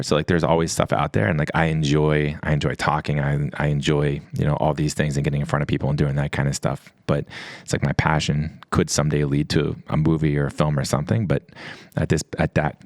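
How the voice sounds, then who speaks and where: A middle-aged man with a very deep, low voice tells stories quickly in a relaxed podcast chat. He rambles, restarts his sentences and acts out quoted dialogue. The sound is dry and close. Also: no room sound. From US East Coast. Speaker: podcast guest. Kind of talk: casual storytelling.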